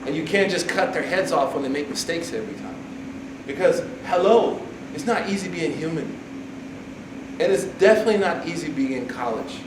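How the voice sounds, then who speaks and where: A man giving a casual, humorous religious talk to a campus group, animated and jokey, acting out quotes. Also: a little high, normal speed. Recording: echoey hall from far off, noisy.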